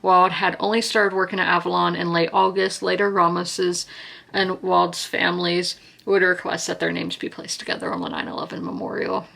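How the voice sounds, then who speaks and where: A woman's voice: fairly low pitch, animated, normal speed, vocal fry, a bit bright. A woman in her twenties from South Carolina, chatting casually and earnestly in a reading vlog, with lots of fillers and restarts. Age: 20s. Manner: chatty, rambling, heartfelt, many fillers and restarts. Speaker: book vlogger.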